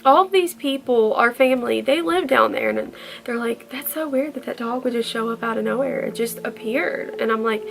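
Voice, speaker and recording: Woman, high gravelly voice, earnest storytime vlogger. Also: very animated, moderate pace, hardly any pauses. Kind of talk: storytime vlog.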